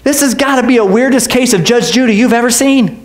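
A male pastor preaching in a church, animated and jokey, acting out quotes and asking questions. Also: very high-pitched, a little fast. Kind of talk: sermon, Bible teaching. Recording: echoey church room.

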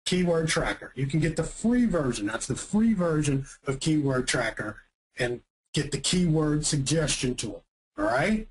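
A man giving an energetic marketing presentation, emphatic and punchy, often asking rhetorical questions. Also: a little high, a little slow, poor audio.

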